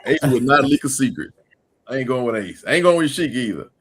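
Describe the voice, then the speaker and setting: A podcast host runs a casual livestream, reading viewer comments aloud and laughing often in a lively, playful way. He talks fast at a medium pitch, with a little hiss or hum in the background.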